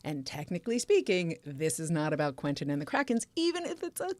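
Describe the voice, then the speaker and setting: Chatty woman, low dry voice. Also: big pitch swings, fairly quick, no echo. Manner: chatty, warm asides to the audience, reads from chat. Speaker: podcast co-host. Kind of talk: casual live-stream chat.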